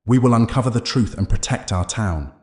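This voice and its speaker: A man playing a resolute hero with a deep voice. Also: brisk, darkish tone, reverberant, lightly acted. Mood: steady. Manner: resolute, commanding. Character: determined young man rallying frightened townsfolk.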